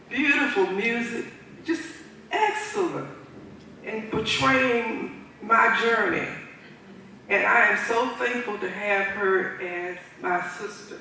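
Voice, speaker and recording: Woman, 70s, guest of honor. Slow, chuckling storyteller, restarts her phrases. Captured from afar in a very echoey room with faint room noise. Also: a little high, pushed and bright. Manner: chuckling, loose speaker who restarts phrases. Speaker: guest of honor giving a thank-you speech. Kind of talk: warm, unscripted storytelling speech. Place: large event hall at a birthday party. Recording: echoey hall recorded from far off.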